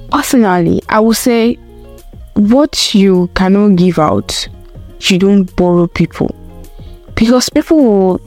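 A woman's voice: medium pitch, dark tone. Emphatic young woman ranting. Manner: emphatic, repetitive, rhetorical questions. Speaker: vlogger. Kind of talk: casual opinion rant.

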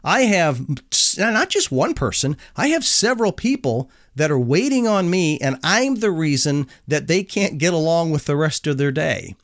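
A middle-aged man telling a casual personal anecdote in an animated, self-deprecating way, chuckling as he goes. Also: a little high, normal speed, few pauses, no echo, studio quality. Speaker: storyteller.

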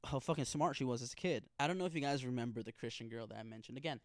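A man's voice: mid-range voice, racing, no echo, clean studio sound. Profane young man recapping his notes. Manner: profane, slangy, emphatic. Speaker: TV episode reaction host. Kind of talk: casual recap reading from notes.

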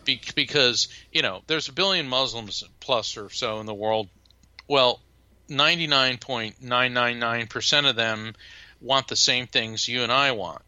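A man who is a guest in an interview, talking as a lively, emphatic storyteller. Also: mid-range voice, measured pace, clear, resonant tone, no echo. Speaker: psychic medium and lawyer, guest. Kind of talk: interview conversation.

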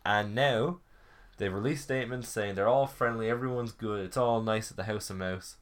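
A man's voice: lowish voice, normal speed. A man co-hosting a podcast in casual chat, irreverent and joking, swearing freely. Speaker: podcast co-host.

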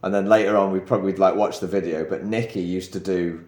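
A man from England co-hosting a podcast, chatting casually and telling lively stories. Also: low voice, quick pace. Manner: storytelling, animated when acting out quotes. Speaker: podcast co-host. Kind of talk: casual chat. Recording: roomy echo.

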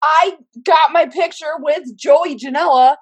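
High giggly woman, slow delivery. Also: slight background noise, low-quality recording. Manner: giggly, laughing storytelling. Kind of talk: casual chat among friends.

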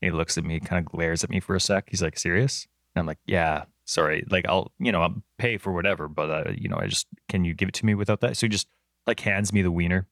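A middle-aged man with a fairly low voice tells a story in a casual podcast chat, acting out the voices as he goes. The sound is dry and close. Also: fast talker, creaky, no room sound. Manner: animated storyteller, acts out quotes. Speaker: podcast co-host.

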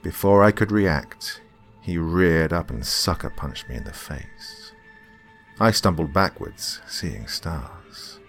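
A man reading a scripted horror story in a slow, hushed, dramatic manner. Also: sits low, faint music behind. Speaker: narrator.

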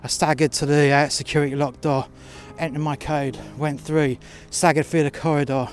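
Standing outside in the freezing cold, a man with a slightly high voice and flat delivery recounts a workplace incident in angry first person, swearing bluntly throughout. His pace drops when he tires, and soft music plays in the background.

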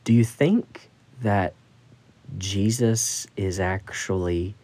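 A man's voice: low voice, slow, mellow. A man hosting a Bible study podcast, teaching scripture in a thoughtful, musing way with frequent restarts.

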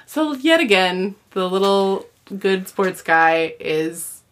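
A woman's voice: mid-range voice, animated, takes it slowly. A woman co-hosting a podcast, chatting casually about a book with frequent laughs and fillers. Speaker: podcast co-host.

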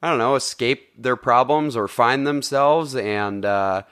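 A man's voice: medium pitch, a little slow, a bit bright, smooth. A man hosting a podcast in casual comedic chat, rambling and joking, swearing freely. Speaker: podcast host.

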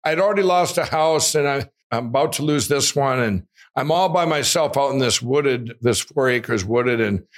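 A man, a guest in an interview, telling a long personal story in an animated way, with frequent restarts and acted-out quotes. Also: mid-range voice, moderate pace, hardly any pauses. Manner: animated, restarts often, acts out quoted voices.

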